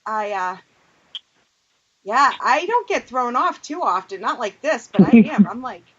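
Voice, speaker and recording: A woman's voice: on the high side, big pitch swings, unhurried, a crowd in the background. A woman hosting a casual internet radio chat show, joking around and reading out chat comments. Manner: joking, chatty, reads chat comments aloud. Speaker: podcast host. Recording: dull lo-fi internet radio audio.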